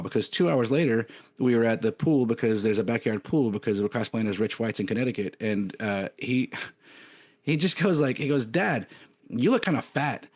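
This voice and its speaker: A man's voice: lowish voice, a little mellow. Candid rambling man in his thirties. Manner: candid, rambling, lots of "like" and restarts. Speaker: podcast co-host. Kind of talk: casual chat.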